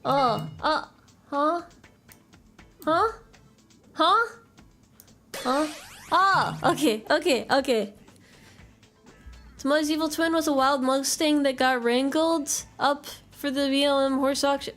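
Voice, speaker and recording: A woman with a high voice chats casually with her viewers while she plays a game. She rambles, swears freely and answers messages as they come in. Soft music plays faintly underneath. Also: measured pace. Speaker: game streamer.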